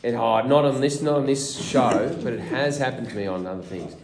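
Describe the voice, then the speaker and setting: A man with an Australian accent, an actor telling casual behind-the-scenes anecdotes to fans at a convention meet-and-greet, animated and full of restarts. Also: medium pitch, a little fast, creaky, background noise. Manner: animated storyteller, acts out quotes, many restarts. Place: small room at a fan convention. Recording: echoey room.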